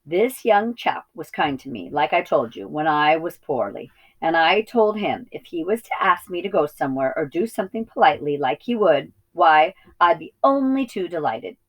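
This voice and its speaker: A woman voicing a hoarse, bossy but kindly old ewe with rustic speech in a storybook reading. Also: deep voice, very animated, normal speed, few pauses, rough recording. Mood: gruff.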